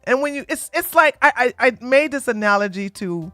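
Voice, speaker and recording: A blunt woman hosting a political podcast, talking in a fairly high voice with many restarts. Her voice sits close and dry on the mic. A little music plays faintly underneath. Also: animated, moderate pace, pushed and bright, no echo. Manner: blunt, opinionated, stumbling restarts. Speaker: podcast host. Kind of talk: casual political commentary livestream.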